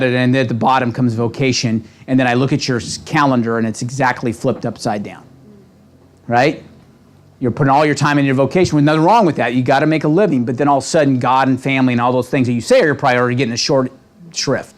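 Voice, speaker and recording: A man leading a real estate training seminar, talking with a lively, coaching manner and checking in with the room constantly. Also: mid-range voice. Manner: animated, asks the room constant "right?" questions. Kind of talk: motivational seminar talk. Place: seminar room with a live audience.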